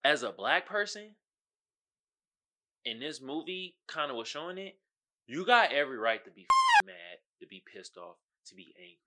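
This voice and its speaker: A man's voice: on the high side, wildly swooping pitch, moderate pace, pushed and bright. A man hosting his own podcast, talking casually in slangy commentary and often asking "you feel me.". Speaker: podcast host.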